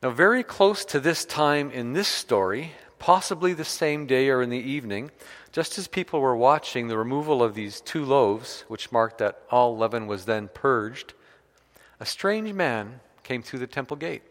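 A man's voice: mid-range voice, animated, normal speed, a bit bright. A man preaching a sermon, retelling a scripture story with varied emphasis. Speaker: pastor. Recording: long hall reverb.

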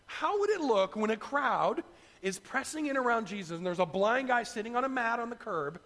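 A middle-aged man preaching a sermon, retelling a story in an animated way and acting out the voices. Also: very high voice, moderate pace, long reverb tail. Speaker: pastor.

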